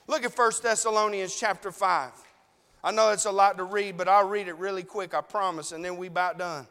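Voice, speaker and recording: High-voiced preacher in an echoing hall. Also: male voice, steady tone, a little fast, pushed and bright, clear, resonant tone. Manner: earnest, pleading, addresses the congregation directly. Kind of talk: sermon. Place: church.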